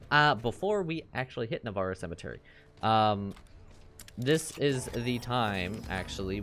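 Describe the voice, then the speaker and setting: While playing, this man talks loosely and offhandedly about what's happening in the game, wandering from thought to thought. He hosts the walkthrough and voices characters in silly high tones.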